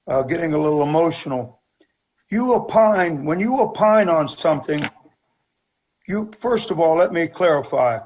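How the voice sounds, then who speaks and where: This is a man with a notably high voice, heard as a council member pressing insistently for answers. The recording sounds dull and lo-fi. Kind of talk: council meeting debate.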